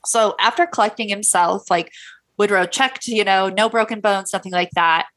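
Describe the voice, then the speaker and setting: A woman's voice: mid-range voice, moderate pace, a bit bright. English woman, podcast co-host, casual chatty storyteller with fillers.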